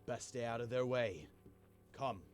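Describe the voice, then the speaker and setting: A man voicing a gruff, weary male companion who gives curt, terse orders. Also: mid-range voice, measured pace, close to an everyday voice.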